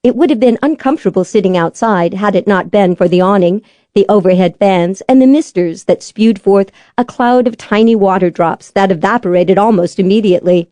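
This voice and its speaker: Female audiobook narrator, measured and even; mellow voice, dry studio sound. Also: mid-range voice, dry recording.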